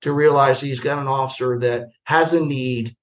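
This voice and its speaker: An older man from the United States spins stories with energy and a self-mocking humor, acting out both sides of old conversations. His pitch sits in the middle range for a man. The podcast audio is slightly muffled and lo-fi. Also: moderate pace. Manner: animated, self-deprecating, acts out dialogue. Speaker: podcast guest, retired army general. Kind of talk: storytelling in a podcast interview.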